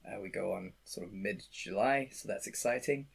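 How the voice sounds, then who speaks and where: A young man co-hosting a podcast, chatty and excitable with lots of fillers. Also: on the low side, moderate pace, vocal fry, husky. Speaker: podcast co-host. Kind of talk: casual chat.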